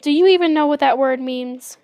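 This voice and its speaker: A girl voicing a soft-spoken, kindly boy. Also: very high-pitched, a little fast, no room sound. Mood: gentle. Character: calm, kindly boy who stays gentle.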